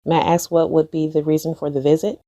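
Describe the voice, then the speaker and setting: A woman's voice: sits low, level tone, fast, warm tone, no room sound, studio quality. A woman working as a clinic phone receptionist, greeting callers in a polite, formal way.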